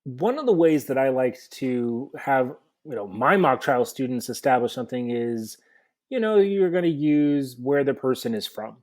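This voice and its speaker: Man, mid-pitched podcast co-host, coaching tone. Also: animated, moderate pace, a little mellow. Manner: explanatory, coaching tone with rhetorical questions. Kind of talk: conversational podcast advice.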